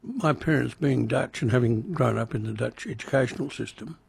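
A man's voice: medium pitch, brisk, vocal fry, husky, dry recording. An older man, recalling his childhood in an oral history interview with dry humour. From Indonesia. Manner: reflective, dry humour, some restarts.

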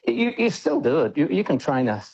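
An older Australian man speaks as a radio interview guest. His voice is mellow and warm, and he talks in a plain, practical way with restarts. The line sounds slightly muffled. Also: fairly high pitch, sing-song, fairly quick, husky. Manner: plain-spoken, frequent restarts. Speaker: interview guest, dog trainer.

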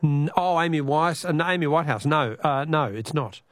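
A man's voice: on the high side, expressive, moderate pace, dry recording. A middle-aged Australian man hosting a radio call-in quiz, jovial and chuckling as he repeats the question.

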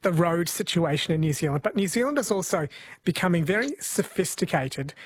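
A man's voice: sits high, expressive, brisk, slight background noise. A man hosting a radio show, asking playful questions in a casual interview. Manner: playful, inquisitive. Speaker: radio host.

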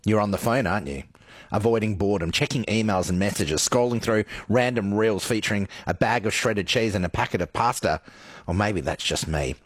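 A man presenting on radio in a lively, chatty way. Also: on the low side, brisk, no room sound.

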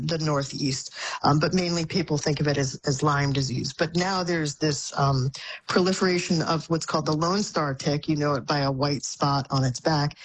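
A woman's voice: deep voice, slight background noise, poor audio. A woman speaking as a guest commentator, explaining things thoughtfully with frequent restarts and fillers. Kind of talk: conversational explaining. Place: Boston area.

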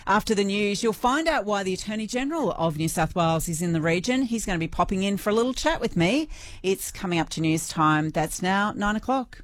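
A male radio host presenting on air, wrapping up a segment briskly before the news. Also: high voice, animated, no echo.

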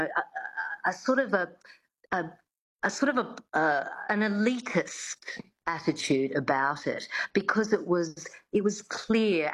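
A woman accent coach is a guest on a radio interview. She explains at length in a slightly low voice, often restarting her sentences.

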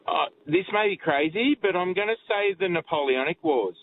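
A man calls in to a radio chat, his voice tinny and thin over the phone line with a faint hiss behind it. He talks in a fairly high voice, hesitant and full of restarts, and cracks dry jokes. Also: moderate pace. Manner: hesitant, joking, stammers.

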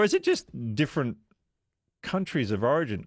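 A man's voice: medium pitch, big pitch swings, moderate pace, dry recording, clean studio sound. A man hosting talkback radio, chatty and musing questions aloud to listeners. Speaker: radio host.

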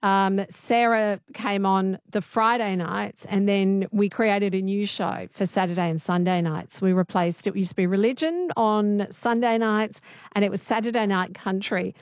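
A woman's voice: mid-range voice, fairly even intonation, measured pace, dry recording. Aussie lady running a late night radio quiz, chatty, dry close studio sound. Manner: chatty, friendly, explains answers at length. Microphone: studio microphone.

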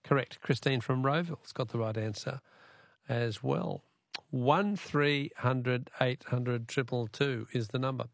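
A man's voice: medium pitch, a little slow, vocal fry, no room sound. A man with an Australian accent hosting a radio call-in quiz, jovial and bantering, laughing often with callers.

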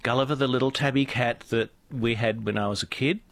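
A man's voice: mid-range voice, fairly even intonation, fairly quick. A man co-hosting a radio show, chatting casually and joking, often repeating himself and laughing. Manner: joking, self-interrupting, laughs easily. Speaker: radio co-host. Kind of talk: casual chat.

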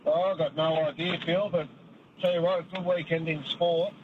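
A man's voice: fairly high pitch, steady tone, normal speed, phone-quality sound, background noise. A man calling a radio quiz, chatting casually and hesitating with lots of ums. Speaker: caller.

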